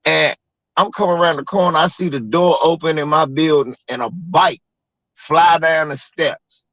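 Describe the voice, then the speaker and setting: A man from Maryland telling stories with lots of cursing and energy in a casual livestream chat. His voice sits a bit high for a man. The sound is close and dry. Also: normal speed, dry recording, muffled recording. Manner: animated, profane storytelling. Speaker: co-host.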